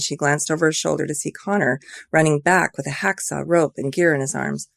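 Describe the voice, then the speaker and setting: A woman's voice: low-pitched, steady tone, brisk, creaky, no echo, clean studio sound. A woman author reading her own mystery novel aloud in an earnest, amateur way.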